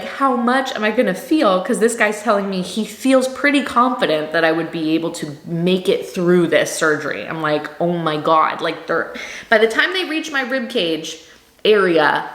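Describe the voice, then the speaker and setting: A woman's voice: deep voice, a bit bright. A woman in her thirties telling a personal story to camera, candid and emotional, with lots of "like". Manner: candid and emotional, heavy use of "like". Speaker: vlogger. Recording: echoey room.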